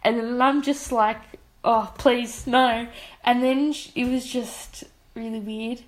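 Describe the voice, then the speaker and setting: A young Australian woman co-hosts a laid-back podcast, her voice sitting a little on the high side. She tells stories with lots of energy and slips into the voices of the people she quotes. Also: slow pace. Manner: animated storyteller who acts out quoted voices. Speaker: podcast co-host. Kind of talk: casual chat.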